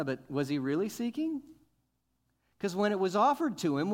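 A male pastor preaching a sermon, asking questions and building to emphatic, loud points. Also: sits high, very animated, moderate pace, pauses often. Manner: rises to emphatic, loud peaks, asks the congregation questions.

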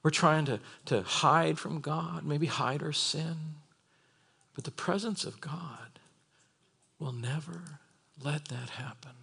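A man preaching a sermon in a church, animated, with laughing asides and acted-out quotes. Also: a little high, slow pace, gravelly, husky.

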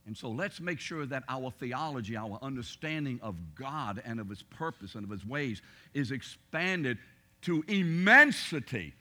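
A middle-aged man teaching a Bible class in a plain, middle-pitched voice. He talks conversationally and with emphasis, putting rhetorical questions to his listeners. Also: bright, forceful tone.

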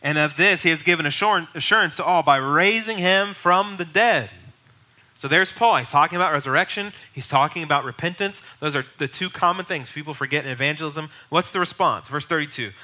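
A man's voice: a little high, fairly quick, pushed and bright. A male pastor teaching a class in a bold, emphatic, urging way. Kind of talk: teaching sermon.

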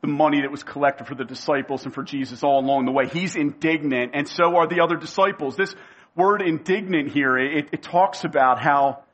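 Emphatic male preacher with a raised pitch. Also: a bit bright, lo-fi sound. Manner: emphatic, repeats key phrases, slows down for weight. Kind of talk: sermon.

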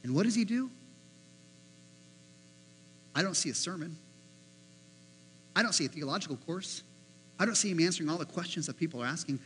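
A man preaching a sermon as pastor, animated, acting out the voices he quotes. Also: fairly high pitch, a little fast, pauses often, slight background noise, poor audio.

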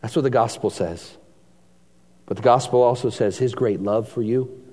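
A man preaching a sermon, reading scripture aloud and swinging between hushed and emphatic delivery. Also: mid-range voice, normal speed. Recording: long hall reverb.

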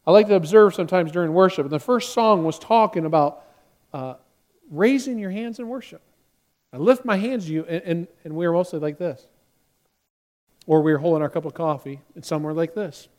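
Animated high-voiced male pastor preaching. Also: brisk. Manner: animated preaching, acts out quotes with rising force. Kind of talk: sermon.

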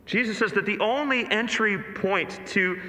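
A man's voice: sits high, moderate pace, bright, forceful tone. A male pastor preaching an earnest, emphatic sermon to a congregation in a church, with rhetorical questions. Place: large church sanctuary. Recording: echoey hall reverb.

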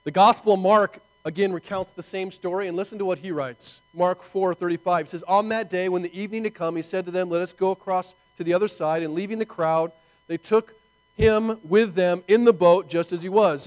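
High-voiced animated male preacher. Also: brisk, poor audio. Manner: animated, conversational preaching with rhetorical asides. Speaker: pastor. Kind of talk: sermon.

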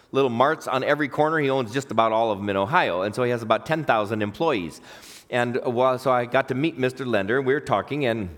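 A man preaching a sermon as pastor, telling stories and acting out quoted voices with big swings in pitch.

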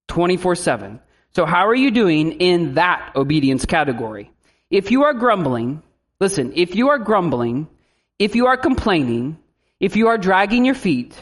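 A man preaching a sermon as a pastor, in a lively style with animated asides. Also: high-pitched.

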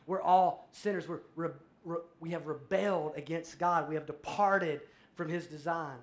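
A male pastor preaching a sermon, animated and conversational, acting out little scenes and reading scripture aloud. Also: fairly high pitch, normal speed. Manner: animated, acts out voices in a story, shifts between loud and soft.

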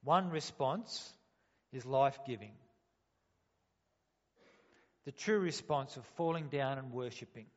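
Preacher in a reverberant hall. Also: male voice, mid-range voice, expressive, moderate pace. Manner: rhetorical questions, acted-out quotes. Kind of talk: sermon. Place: church hall. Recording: dull sound, long hall reverb.

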